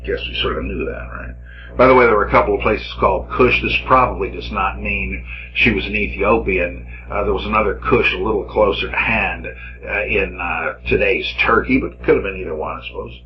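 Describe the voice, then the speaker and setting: A man's voice: deep voice, brisk, muffled recording, a little hiss or hum. A man teaching a Bible study, reading scripture aloud with drama and then commenting in a wry, rambling way with many fillers. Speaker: Bible scholar lecturer.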